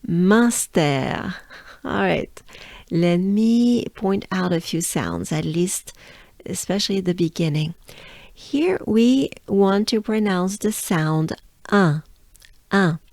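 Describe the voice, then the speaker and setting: A woman's voice: lowish voice, lively intonation, slow pace, a little mellow, no echo. A woman from France with a French accent, teaching pronunciation patiently, drilling each sound several times and inviting the listener to repeat. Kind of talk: slow, drilled pronunciation lesson.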